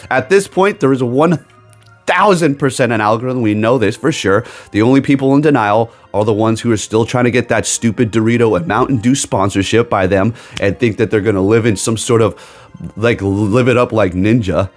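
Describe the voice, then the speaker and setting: His fairly low male voice moves briskly over soft background music as the gaming YouTuber rants casually. The rambling is emphatic, laced with sarcasm, and punctuated by a habitual "okay?".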